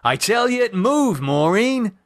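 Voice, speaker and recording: A man's voice: sits high, very animated, a little slow, no room sound, studio quality, voice pushed up, exaggerated voice. A man doing a frantic, swearing husband. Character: panicky middle-aged husband, crude and excitable. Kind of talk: audio horror story reading.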